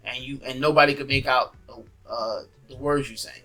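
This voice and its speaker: A man's voice: mid-range voice, fairly even intonation, normal speed, hardly any pauses, pushed and bright, soft background music. A man in a casual discussion, blunt and incredulous as he makes his case.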